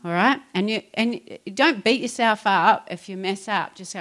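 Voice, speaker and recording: Middle-aged woman, pastor, conversational sermon, animated. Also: medium pitch, normal speed, few pauses. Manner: conversational, animated, acts out her own complaints.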